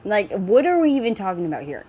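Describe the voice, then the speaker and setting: A woman's voice: medium pitch, very animated, fast, background noise. A woman hosting a reaction video, talking in casual commentary, blunt and exasperated, and swearing freely.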